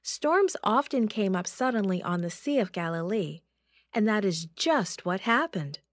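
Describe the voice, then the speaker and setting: A woman's voice: mid-range voice, lively intonation, unhurried, no room sound, clean studio sound. A woman reading a Bible story aloud over a video call, lifting her voice for dramatic moments.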